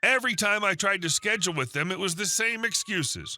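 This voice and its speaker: A man narrating online stories in a scripted way, with wry deadpan asides. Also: high voice, brisk, soft background music.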